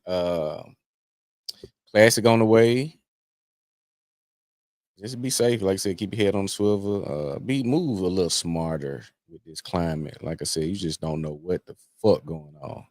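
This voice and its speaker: A man co-hosting a casual podcast, low-key and slangy. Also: normal speed, a little mellow, dry recording. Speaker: podcast co-host.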